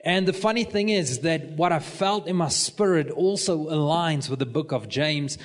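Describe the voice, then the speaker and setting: A middle-aged man with a South African English accent leads his church through a sermon. His voice sits a little high. He tells his stories with lively energy and mixes in Afrikaans as he goes. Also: moderate pace. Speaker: pastor.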